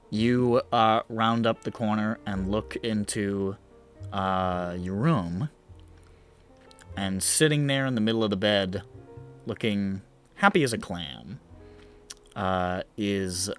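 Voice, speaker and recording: A man's voice: lowish voice, slow, long pauses, faint music behind. A man narrating as game master in a tabletop game, rambling and swearing casually as he describes scenes.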